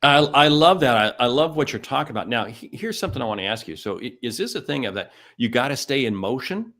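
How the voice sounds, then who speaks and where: A man's voice: medium pitch, lively intonation, quick pace, fairly bright tone. A man hosting a sales podcast, enthusiastic, and he repeats phrases for emphasis. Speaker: podcast host. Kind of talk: interview hosting.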